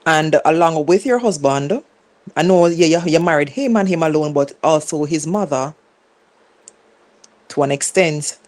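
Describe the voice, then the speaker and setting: A woman's voice: low voice, measured pace, long pauses, darkish tone. A woman with a Caribbean English accent hosting a live reaction show, chatting casually and asking viewers questions. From Caribbean island.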